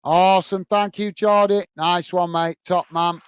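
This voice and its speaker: A British man with a fairly high voice hosts a live football watch-along, calling the play and reading out viewers' messages in a friendly, chatty way. His voice comes across smooth and clear, recorded close on a dry mic with no room sound. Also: fairly even intonation, unhurried, no room sound. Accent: British English. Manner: chatty, greets viewers by name, frequent "uh" fillers.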